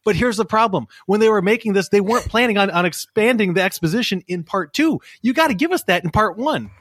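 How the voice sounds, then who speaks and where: Man, husky, high voice, co-host, argumentative, dry close sound. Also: expressive, fast talker, fairly bright tone, dry recording. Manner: argumentative, pitches ideas. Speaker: podcast co-host. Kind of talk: casual film review chat.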